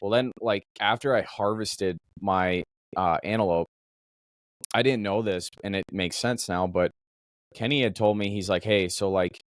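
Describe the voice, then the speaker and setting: Low-voiced man telling a hunting story. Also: moderate pace, no echo. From Minnesota. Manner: animated storytelling, swearing. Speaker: podcast host. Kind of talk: casual chat.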